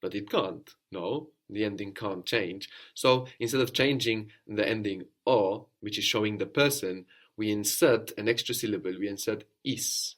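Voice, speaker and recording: A man with a lowish voice leads a language lesson. He explains at an unhurried pace and prompts the student, then echoes each reply back to confirm it. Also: a bit bright. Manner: patient, prompts the student and repeats answers. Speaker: language teacher. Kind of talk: guided audio lesson.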